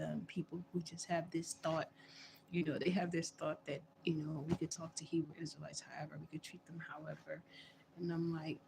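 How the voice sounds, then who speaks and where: A woman's voice: deep voice, vocal fry, noisy background. A woman host on a livestream talking casually about her faith, earnest and repeating her phrases as she builds a point. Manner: earnest, repetitive, loops back on phrases. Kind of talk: casual religious monologue.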